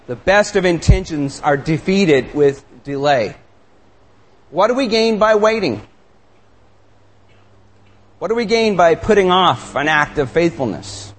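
A man preaching a sermon, reading scripture and reflecting on it with earnest, emphatic questions. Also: medium pitch. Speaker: pastor.

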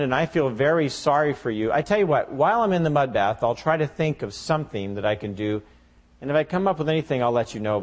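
Guy voicing a lazy smug storybook pig, thinking out loud, sorry-not-sorry. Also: mid-range voice, natural voice. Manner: musing, falsely sympathetic. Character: cheerful, self-satisfied male pig.

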